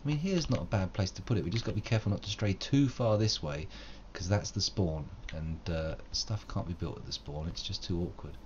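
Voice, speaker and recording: Talking over a live gameplay stream, this very deep-voiced man meanders and runs himself down, using wordy, antique turns of phrase. His delivery is a touch quick with barely a pause, and slightly mellow. It's a home recording, somewhat muffled, with a faint noise floor.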